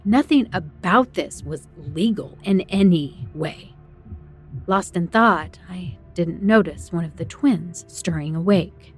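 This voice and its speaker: A woman's voice: fairly low pitch, slow, husky, soft background music. A woman narrating a first-person horror story in a tense, dramatic way.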